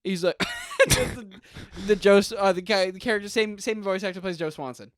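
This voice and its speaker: A young man with a high, bouncy voice trades casual podcast banter, joking and cursing freely. His tone is clear and smooth, recorded close and dry on a podcast mic. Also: normal speed, dry recording. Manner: joking, swears freely, laughs often. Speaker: podcast co-host.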